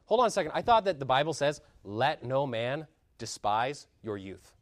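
A man preaching a sermon with passion, building to loud emphatic peaks and dropping into low, quiet asides. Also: big pitch swings, moderate pace, dry recording, clean studio sound.

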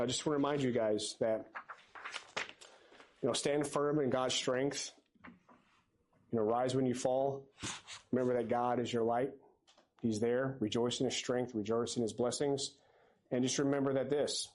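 A man preaches from a church pulpit in an earnest, exhorting way. His tone stays casual and conversational, with a middle-pitched voice. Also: darkish tone. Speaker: lay preacher. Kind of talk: sermon.

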